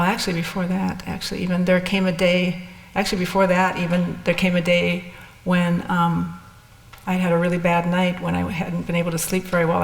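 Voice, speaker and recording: An older woman with a low, creaky voice tells her personal story candidly, wandering off with restarts and side comments. Her words carry long reverb from an echoey hall.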